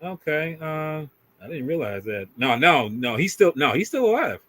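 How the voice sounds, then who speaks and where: A man's voice: fairly high pitch, big pitch swings, normal speed, fairly bright tone. A man co-hosting a casual movie review chat, chiming in with short agreements and jokes. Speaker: podcast co-host.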